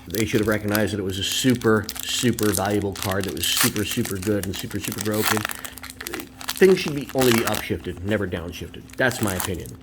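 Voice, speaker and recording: A man's voice: fairly low pitch, moderate pace, a bit bright, a little hiss or hum. Chatty man opening trading cards. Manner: chatty and opinionated, rambling asides. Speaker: card collector and video host. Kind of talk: casual card-opening commentary.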